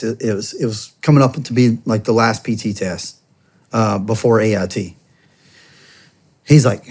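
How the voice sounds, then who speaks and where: A man's voice: on the low side, steady tone, moderate pace, a little mellow. A man in his thirties from the United States, a former soldier telling a long casual story in an interview, full of "I'm like" and quoted back-and-forth. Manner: rambling, heavy on "I'm like" and quoted dialogue. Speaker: podcast guest, former soldier and police officer.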